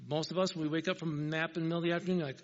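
High-voiced preacher man in a hall. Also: rapid-fire. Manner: animated storytelling with emphatic asides. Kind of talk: sermon. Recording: reverberant hall, dull lo-fi sound.

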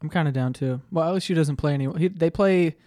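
A man's voice: a little high, fast talker, mellow, dry recording. Casual man with a dry close sound. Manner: loose, joking storytelling with profanity. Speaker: podcast host. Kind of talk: casual chat.

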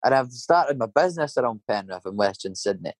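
A man's voice: mid-range voice, animated, fairly quick, no echo. Swearing Scottish man telling stories. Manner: swearing, rambling anecdotes with tag questions. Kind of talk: casual storytelling chat.

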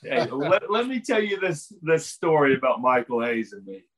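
A middle-aged man spinning a yarn in a relaxed chat, his voice sitting a bit high for a man. He laughs between lines and jumps into the voices of the people in his story, so the talk keeps rising and falling. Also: moderate pace, poor audio. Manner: animated, laughs often, acts out voices in his stories. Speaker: podcast guest, former wrestler. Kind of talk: casual storytelling.

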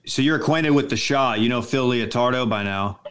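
Male co-host, mid pitch, relaxed storyteller. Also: a little fast. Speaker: podcast co-host. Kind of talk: casual chat.

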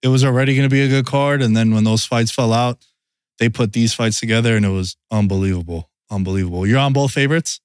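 A man's voice: medium pitch, fast, clear, resonant tone, no room sound, clean studio sound. A man hosting a podcast in casual sports chat, loose and storytelling. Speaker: podcast host.

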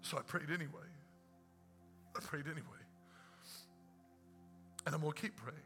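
A man with a high, sharp, cutting voice preaches a sermon, dropping to a hush and then rising to a shout, hammering lines again and again. His voice carries a long church-hall reverb with faint music underneath. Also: moderate pace. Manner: swings between hushed and shouted, repeats phrases for emphasis. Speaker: pastor. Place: church sanctuary.

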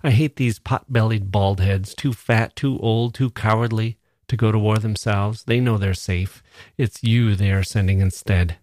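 A man's voice: lowish voice, steady tone, normal speed, a little mellow, no echo, clean studio sound, lightly acted. A man reading the part of a sardonic, ill young woman reporter, muttering her thoughts aloud. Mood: bitter.

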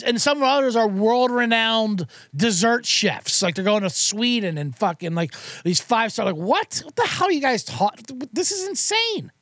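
A man's voice: sits high, creaky, fairly bright tone, dry recording, studio quality. A man hosting a podcast, ranting in a profane, sarcastic and rambling way with many restarts. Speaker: podcast host. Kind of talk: comedic rant.

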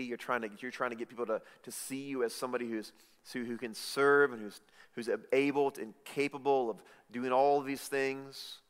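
A man preaching a sermon, swinging from loud emphatic lines to hushed, intimate ones. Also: mid-range voice. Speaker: pastor. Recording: reverberant hall.

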